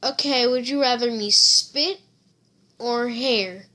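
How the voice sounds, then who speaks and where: A woman's voice: a little high, slow pace, sharp tone. A woman voicing a blunt, offhand adult woman mentor hero in casual fan storytelling.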